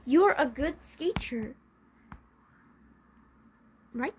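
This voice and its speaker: A woman's voice: high-pitched, animated, drawn-out words, darkish tone, slight background noise, heavily acted. A woman reading as an eager young skater boy. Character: eager, scheming schoolboy skater.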